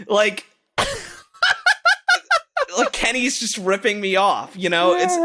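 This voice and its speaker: A man's voice: high voice, very animated, drawn-out words, fairly bright tone. A man co-hosting a comedy podcast who rambles through a story, swearing and laughing often. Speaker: podcast co-host. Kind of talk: casual comedic chat.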